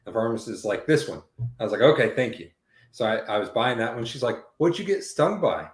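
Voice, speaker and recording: A man spins a rambling, swear-filled story in loose, casual talk. His voice sits at an ordinary middle pitch and bounces off the walls of an echoey room. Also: brisk. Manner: profane, rambling, animated retelling with quoted dialogue. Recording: roomy echo.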